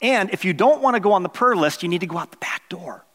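Animated pastor preaching in an echoing hall. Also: male voice, sits high, fast talker. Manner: animated, acts out quoted voices, jokes with the congregation. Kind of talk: sermon storytelling.

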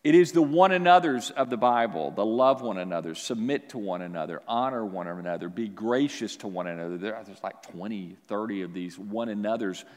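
A man preaching a sermon as pastor, with animated delivery that swings from quiet to loud. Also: fairly low pitch, fairly quick, hardly any pauses, big-room sound.

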